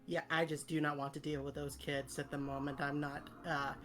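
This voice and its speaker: A woman's voice: deep voice, little pitch movement, normal speed, over loud music. A woman playing a tabletop game, talking in a hesitant way with many fillers. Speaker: player.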